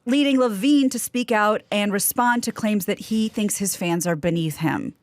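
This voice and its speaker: A woman co-hosts a podcast and reads news items in a brisk, chatty way, lightly amused. Her pitch is middling. The sound is close and dry. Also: a little mellow, no echo. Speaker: news reader and co-host. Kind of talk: casual news reading and chat.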